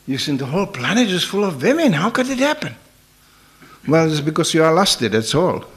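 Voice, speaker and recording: An older man giving a spiritual talk, telling humorous anecdotes in a chatty way and often saying "you know". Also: a little high. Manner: humorous, laughs at his own stories. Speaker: spiritual teacher. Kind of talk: sermon storytelling.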